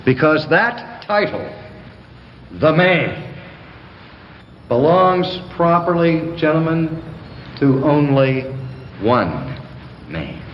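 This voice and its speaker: An older man preaching a sermon to a gathering, slow and deliberate with dramatic pauses. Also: on the high side, sing-song, highs cut off, a little hiss or hum. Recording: echoey hall from a distance.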